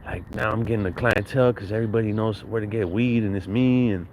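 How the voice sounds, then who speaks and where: A man with a lowish voice tells a loose, rambling story. His talk is full of street slang and swearing, and he often restarts a thought midway. The delivery stays relaxed and conversational throughout. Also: quick pace, heavy background noise. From San Bernardino, Southern California. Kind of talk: casual storytelling.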